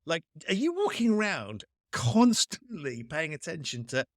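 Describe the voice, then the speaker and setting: A man's voice: fairly high pitch, sing-song, a little slow, dry recording, studio quality. A man hosting a podcast, thinking aloud and probing his guest with musing, restarting questions. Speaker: podcast host. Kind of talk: casual interview conversation.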